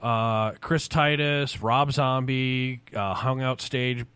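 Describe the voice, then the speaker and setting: A man in his forties, a podcast host, telling a story in casual, profane chat, animated and loud at the big moments. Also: medium pitch, slow pace, clean tone, dry recording.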